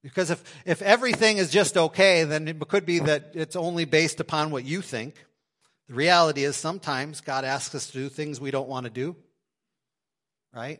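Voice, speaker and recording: A man preaching a sermon to his congregation in a church, swinging between loud emphasis and quiet asides. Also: on the high side. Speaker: pastor. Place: church sanctuary.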